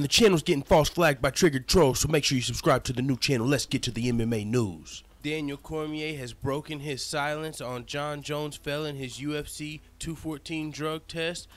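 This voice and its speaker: A man giving sarcastic, profane commentary in a news vlog. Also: a little high. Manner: sarcastic, profane, quick asides.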